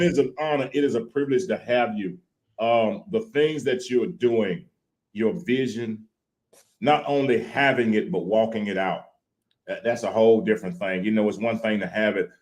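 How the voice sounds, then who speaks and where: A man's voice: on the low side, normal speed, poor audio. A man from Louisiana with a Southern accent, hosting a livestream show in a folksy, casual way while wearing a headset mic. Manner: folksy, hypes the intro with loud sing-song shouts. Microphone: headphones with mic.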